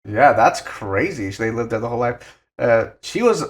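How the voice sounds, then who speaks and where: A man's voice: medium pitch, big pitch swings, moderate pace. A young man co-hosting a film podcast, chatting loosely with lots of fillers and casual swearing. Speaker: podcast co-host.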